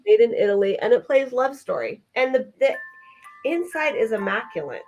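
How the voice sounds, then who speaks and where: A woman's voice: fairly high pitch, big pitch swings, normal speed, a little mellow, dull audio, faint music behind. A woman co-hosting a live vintage sale, chatting enthusiastically as she describes items. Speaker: vintage seller co-host.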